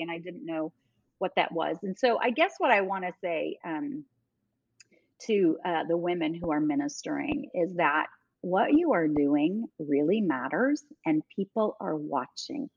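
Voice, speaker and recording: A middle-aged woman telling stories as a guest, animated, often laughing and breaking off mid-sentence. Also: fairly low pitch, husky, no room sound, muffled recording. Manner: animated, laughing, self-interrupting. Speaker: guest, ministry leader. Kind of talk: conversational storytelling.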